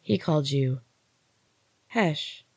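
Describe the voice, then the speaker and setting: Grave, hushed golden goddess with a low, measured delivery, read by a woman; storybook reading, dry close sound. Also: expressive, no echo, exaggerated voice. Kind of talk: audiobook-style story reading.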